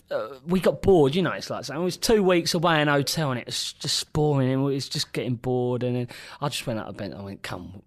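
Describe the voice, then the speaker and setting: A man, a podcast co-host, telling stories in casual chat, laughing and acting out quotes. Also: medium pitch. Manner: animated, laughing, acts out quotes. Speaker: podcast co-host and former footballer.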